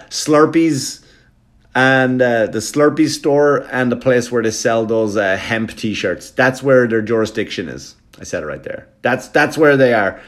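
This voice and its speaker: A male comedian telling a story for laughs, swearing freely and often checking in with a quick question to the listener. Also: mid-range voice. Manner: profane, animated, keeps checking in with the listener.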